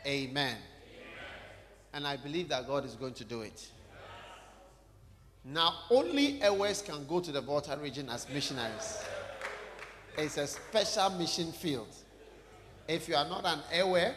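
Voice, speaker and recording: A man's voice: fairly high pitch, fairly bright tone. A man preaching a sermon, talking conversationally and putting questions directly to the congregation in a church hall.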